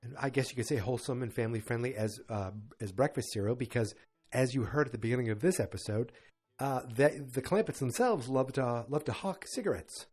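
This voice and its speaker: A man hosting a podcast, casually retelling an old sitcom episode in a rambling, animated way and quoting the characters. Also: mid-range voice, husky, soft background music. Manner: rambling, animated retelling with quick quoted voices. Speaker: podcast host.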